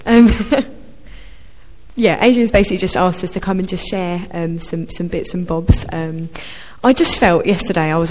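A woman's voice: on the low side, darkish tone. A woman sharing a prophetic word with her church in an informal testimony, hesitant and full of ums. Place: church hall. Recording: reverberant church hall.

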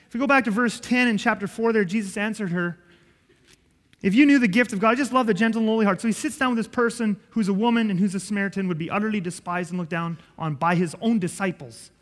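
A man preaching a sermon, earnest and emphatic, swinging between loud urging and soft hushed lines. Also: sits high. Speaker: pastor. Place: church hall. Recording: echoey church hall.

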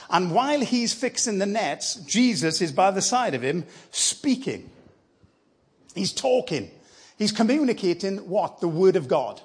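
Husky man preaching a sermon. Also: sits high, very animated, unhurried. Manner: conversational, encouraging, storytelling. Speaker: guest preacher. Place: church.

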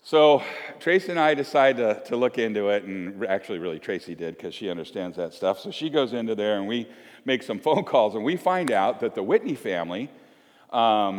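A middle-aged man preaching a sermon, telling a family story and acting out the quotes in lively voices. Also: lowish voice, moderate pace. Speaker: pastor. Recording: long hall reverb.

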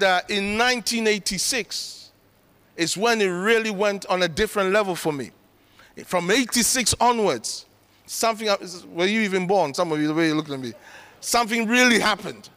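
A man's voice: high voice, pushed and bright. A middle-aged man preaching a sermon in an earnest, conversational way, with emphatic bursts. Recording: long reverb of a large hall.

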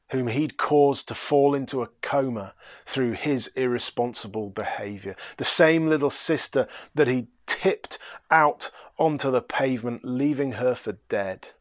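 A man preaching, telling a story dramatically and swinging from hushed to loud. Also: mid-range voice, dry recording. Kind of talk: sermon storytelling.

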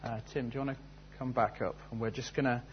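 A man's voice: medium pitch, steady tone, fast, dull audio, slight background noise. A man preaching a sermon, telling a story and then asking earnest, searching questions. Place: church service.

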